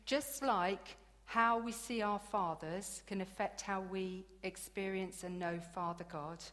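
A woman preaching a sermon in a chatty, animated storytelling way, laughing now and then. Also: mid-range voice, takes it slowly. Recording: long hall reverb.

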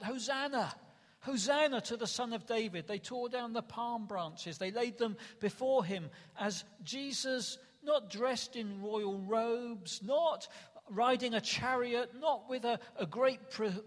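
A male preacher giving a dramatic sermon that rises to emphatic calls, recorded in a church hall. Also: very high-pitched. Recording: long reverb in a large hall.

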